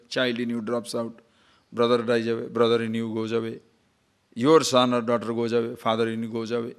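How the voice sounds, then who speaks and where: An older man delivers a spiritual discourse in a voice of middle pitch. He talks in an animated way, full of rhetorical questions and small chuckles. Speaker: spiritual teacher.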